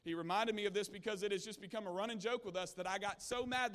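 A man's voice: high-pitched, fairly even intonation, fast, hardly any pauses, fairly bright tone, long reverb tail. A man preaching a sermon in a church, telling stories earnestly with frequent restarts. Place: church sanctuary.

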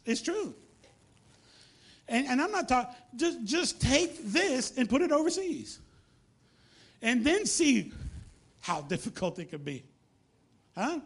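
A man preaching a sermon, telling a story with lively acted-out dialogue. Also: very high voice, a little slow, long pauses, husky. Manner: animated storytelling, acts out dialogue.

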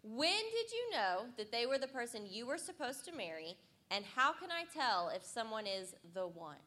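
A woman's voice: fairly high pitch, big pitch swings, normal speed, pushed and bright. A woman hosting a casual Q&A, upbeat and playful as she reads out questions. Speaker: host reading questions.

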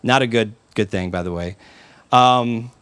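A male pastor giving a sermon in a conversational, animated way, with lots of personal asides. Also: fairly low pitch, a little slow, smooth, dry recording.

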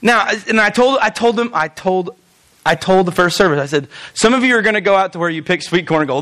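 Man preaching, high-pitched voice, animated and conversational, lots of stammered restarts. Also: fairly quick. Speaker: pastor. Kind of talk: sermon.

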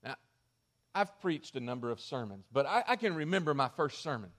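A male pastor preaching a sermon in an animated, conversational way. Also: mid-range voice, brisk.

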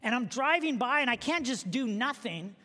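A male pastor with a very high, bright voice delivers a sermon full of lively stories and humor. His voice rings out with a long reverb in a large church hall. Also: moderate pace. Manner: animated storytelling with humor.

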